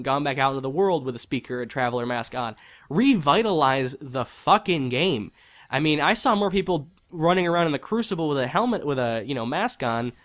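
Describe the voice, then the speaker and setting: A man's voice: fairly high pitch, a bit bright. A man giving a heated, frustrated opinion rant on a video game, swearing and repeating himself for emphasis. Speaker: gaming commentator.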